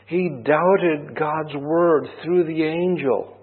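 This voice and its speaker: A man's voice: fairly high pitch, fairly even intonation, drawn-out words, breathy edge. A man preaching a sermon, telling a personal story in a conversational way and asking rhetorical questions. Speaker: pastor. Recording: tinny phone-like band.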